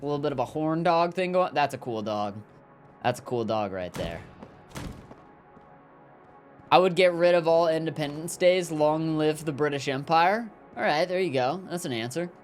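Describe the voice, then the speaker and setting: A man's voice: a little high, animated, a little fast. Streamer guy rambling and joking while he plays, lots of likes and you knows, faint music behind. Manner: rambling, jokey, lots of fillers. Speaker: gaming streamer. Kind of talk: casual gameplay commentary, reading chat.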